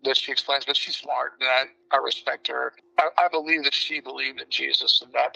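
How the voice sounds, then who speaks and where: A man guest telling his life story candidly, in a blunt and animated way. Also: mid-range voice, vocal fry, low-quality recording. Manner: blunt and animated, breaks into laughter.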